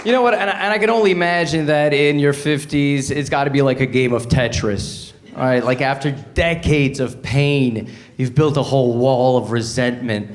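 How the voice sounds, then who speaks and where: A man's voice: medium pitch, moderate pace, some chatter behind. A man from Canada in his forties doing a wry stand-up routine on a stage, acting out both sides of arguments. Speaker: stand-up comedian. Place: comedy stage before a live audience.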